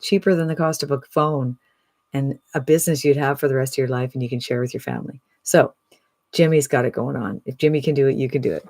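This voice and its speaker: A speaker in their sixties giving an upbeat, chatty sales pitch to camera, often tossing in a rhetorical "right?". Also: fast, a little mellow. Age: 60s. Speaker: online business promoter.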